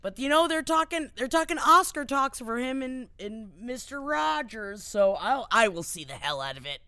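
A woman co-hosting a gossip podcast, giggly and animated in casual chat. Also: fairly high pitch, moderate pace, clean tone, no room sound. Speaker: podcast co-host.

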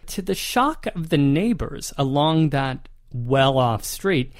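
Higher-voiced man telling a history tale. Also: expressive, slow pace. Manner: narrates a ghost tale, reads newspaper quotes aloud. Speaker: podcast co-host. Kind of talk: conversational history storytelling.

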